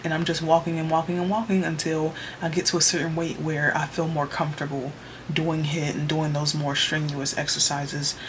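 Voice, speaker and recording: A woman's voice: low-pitched, flat delivery, normal speed, a little hiss or hum. Chatty young woman vlogging from her room. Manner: chatty, upbeat, uses y'all. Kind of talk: casual vlog chat. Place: small bedroom home office. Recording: music playing underneath.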